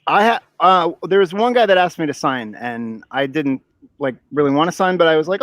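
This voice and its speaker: Halting man on a dry mic. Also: a little high, lively intonation, a bit bright, no echo. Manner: hesitant, halting speech. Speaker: comic creator guest. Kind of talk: casual livestream chat.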